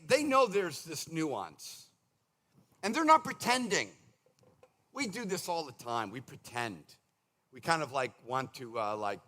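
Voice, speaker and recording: A male pastor preaching a sermon in a conversational, animated way, slipping into quick mimicked asides. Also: high voice. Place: church sanctuary.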